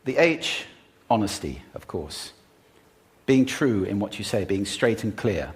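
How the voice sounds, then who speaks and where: A man giving a talk on stage to a live audience about speaking, deliberately varying his pitch, pace and volume. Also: lively intonation. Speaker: public speaker on voice.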